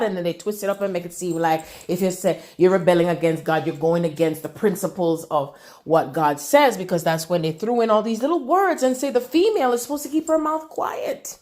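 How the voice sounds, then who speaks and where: A woman delivering a channeled spiritual message, repeating phrases in an incantatory way and swinging between loud declarations and near-whispers. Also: lowish voice, a little fast.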